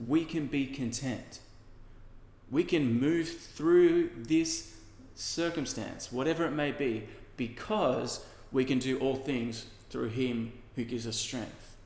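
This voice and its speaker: Man preaching in an echoey hall. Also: mid-range voice. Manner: conversational, earnest preaching with casual asides. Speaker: pastor. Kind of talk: sermon. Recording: echoey hall with long reverb.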